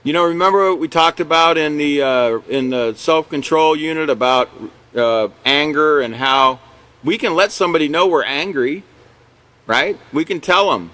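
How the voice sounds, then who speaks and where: A man's voice: fairly high pitch, normal speed, sharp tone. A man teaching a character education class in a conversational lecture style, often checking in with "you know" and "okay" and chuckling along the way.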